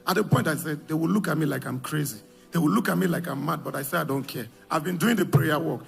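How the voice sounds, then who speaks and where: A man giving an emotional church testimony, telling his story and shouting at the high points. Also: quick pace, gravelly.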